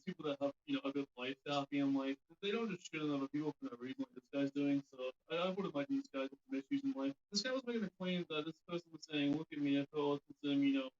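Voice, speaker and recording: Guy ranting fast on stream, kinda high voice, muffled far mic. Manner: blunt, swearing, rambling. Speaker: commentary streamer. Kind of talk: reaction commentary. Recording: dull distant mic.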